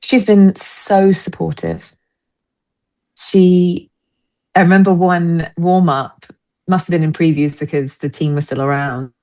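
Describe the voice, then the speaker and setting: A woman's voice: fairly low pitch, a little slow. A woman, a stage actress, chatting as a podcast guest and acting out other people's words as she tells stories. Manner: animated storyteller, acts out quoted voices. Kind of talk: casual interview chat.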